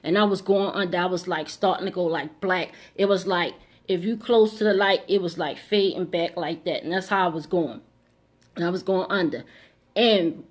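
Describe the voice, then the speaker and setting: A woman's voice: medium pitch, normal speed. Middle-aged woman vlogger, personal storytelling, emphatic and direct with her audience, mid-range voice. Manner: emphatic, repeats lines, speaks straight to the audience.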